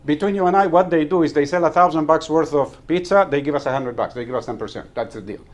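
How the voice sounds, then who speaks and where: A man's voice: fairly high pitch, quick pace. A man giving a humorous club speech, telling anecdotes, acting out the dialogue and chuckling at his own jokes. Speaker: club member giving a talk. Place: meeting room.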